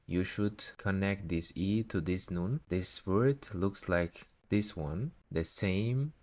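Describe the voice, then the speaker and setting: A man teaching Quran recitation step by step, patiently repeating syllables slowly. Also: sits low, darkish tone. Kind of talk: slow step-by-step recitation lesson.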